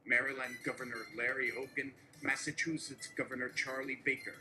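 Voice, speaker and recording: A man reading a satirical political speech aloud in a deadpan way, listing names and policies one after another. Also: mid-range voice, fairly quick, a little hiss or hum, rough recording. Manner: steady listing delivery. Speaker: host reading a mock speech.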